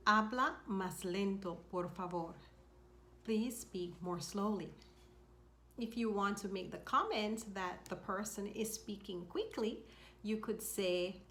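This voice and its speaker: Woman teaching, slow and careful, says every phrase twice, faint hiss behind. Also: mid-range voice, bright, forceful tone. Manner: repeats each phrase slowly and clearly. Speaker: language teacher. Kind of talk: slow, clear spoken lesson. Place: home in Mexico.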